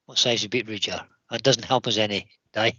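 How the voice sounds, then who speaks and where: Fast and steady, a fairly low, slightly rough voice with a sharp tone comes from a man co-hosting a woodworking livestream. He cracks jokes and reads out viewer comments, and the recording is dull with no room sound.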